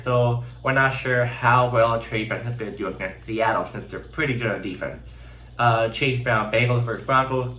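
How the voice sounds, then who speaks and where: A man's voice: mid-range voice, pushed and bright, roomy sound, poor audio. A man with a congested, sick voice running through casual fantasy football picks with many fillers and restarts. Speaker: host.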